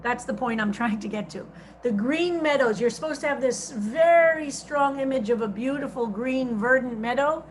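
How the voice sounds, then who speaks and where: A woman with a high, light voice leads a text study as a rabbi over a video call. She reads each translated phrase slowly and stresses it, then explains it in an easy teaching tone. A faint hiss sits under the call audio.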